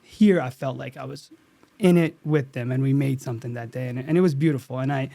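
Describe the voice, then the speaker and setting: A man guest on an interview podcast, telling a story from a set in an earnest, animated way with lots of restarts. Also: medium pitch, fairly quick, creaky, no room sound. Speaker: actor guest.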